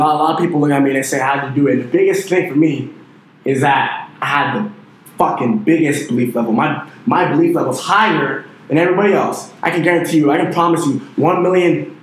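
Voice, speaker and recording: A young man in his twenties delivers a fired-up motivational rant, swearing freely and hammering his points with conviction. His voice sits a bit high for a man. The sound bounces around a very echoey room. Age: 20s. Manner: intense, profane and emphatic, with repeated "dude" and "you know". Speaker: motivational online entrepreneur.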